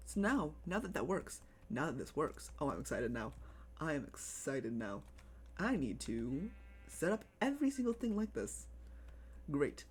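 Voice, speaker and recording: Excitable streamer with a lively, bouncing pitch. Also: normal speed, breathy edge. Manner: excitable, repeats phrases, coos over pets. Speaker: live streamer. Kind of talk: casual live gameplay chat.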